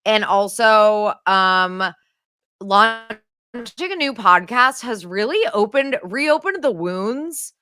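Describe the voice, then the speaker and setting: A woman guest on a podcast with vocal fry, sounding sleepy and a bit sick, chatting in a laid-back, self-deprecating way. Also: medium pitch, takes it slowly, sharp tone, slight background noise. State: sleepy, getting a little sick. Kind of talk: casual podcast chat.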